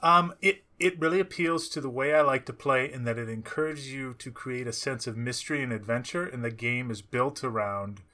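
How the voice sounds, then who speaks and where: Man, bright and crisp, eager podcast co-host. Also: mid-range voice, fairly quick, hardly any pauses. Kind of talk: casual podcast chat.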